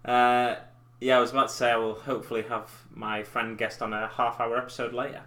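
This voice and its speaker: A man's voice: medium pitch, level tone, fairly quick, fairly bright tone. A man in his thirties chatting casually and rambling as he hosts a painting live stream at a desk mic. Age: 30s. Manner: rambling, self-deprecating, chatty. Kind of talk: casual chat while painting miniatures. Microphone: desk mic in front of keyboard.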